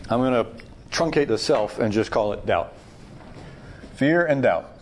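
A man leading a Bible study, teaching in a loose, discussion-style way. He talks emphatically and restarts phrases as he works through an idea. His voice sits in a middle pitch. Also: expressive, a little slow, slight background noise. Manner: emphatic, thinks aloud with restarts.

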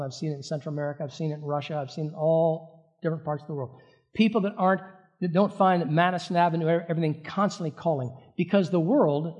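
A man's voice: on the high side, darkish tone. A middle-aged man, a pastor, preaching in a church in an earnest, conversational way with emphatic repetition. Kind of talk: sermon. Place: church sanctuary.

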